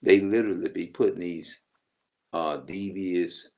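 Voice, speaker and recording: Deep gravelly man ranting. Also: fairly even intonation, measured pace, darkish tone. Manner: rambling, emphatic, profane. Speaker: vlogger. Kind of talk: casual monologue.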